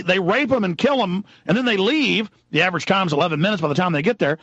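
A male talk radio host in his thirties launches into a fast, heated rant, voice pitched a little high. The sound is dry and close, with a dull, lo-fi broadcast quality. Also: lively intonation, a bit bright, breathy edge, no room sound. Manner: fast, heated ranting with dramatized quotes.

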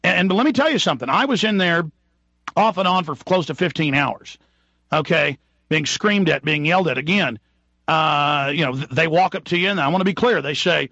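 Bright-voiced man ranting on talk radio. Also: fairly high pitch, a little fast, dry recording, dull audio. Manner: emphatic, indignant ranting. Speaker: radio host.

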